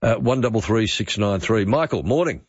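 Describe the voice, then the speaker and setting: A man's voice: fairly low pitch, normal speed, breathy edge, no echo. A middle-aged Australian man hosting overnight talkback radio, chatty and musing. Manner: chatty, musing, lively intonation. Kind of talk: late-night talkback radio. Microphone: studio microphone. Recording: dull, dry radio studio sound.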